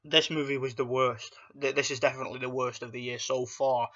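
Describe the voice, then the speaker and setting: Blunt, profane man with a bright voice. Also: medium pitch, flat delivery, brisk, lo-fi sound. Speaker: movie reviewer. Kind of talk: casual ranting film review.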